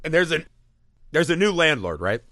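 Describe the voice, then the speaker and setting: A man's voice: a little high, big pitch swings, normal speed, sharp tone, dry recording, studio quality. A man co-hosting a movie podcast, telling the story in casual, profane chat and acting out the characters' lines. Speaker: podcast co-host.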